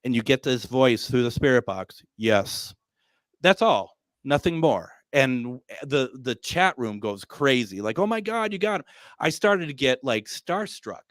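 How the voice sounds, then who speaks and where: Guy hosting a live talk show, tells stories all animated, does little voices for his own quotes, lots of ums, dry close sound. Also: mid-range voice, measured pace, dry recording. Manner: animated storyteller, acts out his own quotes, many fillers. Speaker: radio show host.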